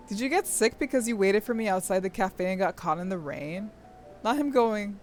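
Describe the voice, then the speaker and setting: A young woman streaming, reading a game's story aloud and breaking off into gushing, excitable commentary with squeals and laughter. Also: mid-range voice, normal speed, soft background music.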